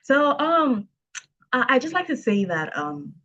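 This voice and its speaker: A woman's voice: high-pitched, sing-song, a little slow, pushed and bright. A woman in her twenties, a book co-author, speaking upbeat and a little hesitant with many ums. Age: 20s. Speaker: co-author, administrative assistant. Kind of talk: casual speech. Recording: dull lo-fi sound.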